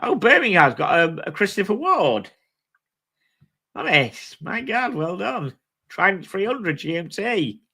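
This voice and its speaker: A man's voice: sits high, very animated, unhurried, sharp tone, slightly rough. A British man hosting a live stream, chatting casually with viewers in a blunt, sweary way. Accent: British English. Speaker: livestream host. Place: home streaming setup.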